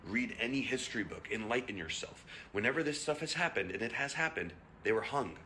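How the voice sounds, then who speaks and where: A man's voice: mid-range voice, expressive, a little fast, sharp tone, a little hiss or hum. Impassioned young man ranting bluntly. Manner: impassioned, blunt, swearing, rhetorical questions. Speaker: vlogger. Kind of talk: heated rant to camera.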